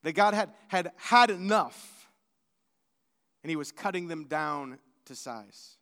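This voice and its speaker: A man's voice: a little high, lively intonation, slow pace, sharp tone. A male pastor preaching a sermon in an earnest, conversational way, often restarting his sentences. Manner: earnest, with frequent restarts and stammers. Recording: long hall reverb.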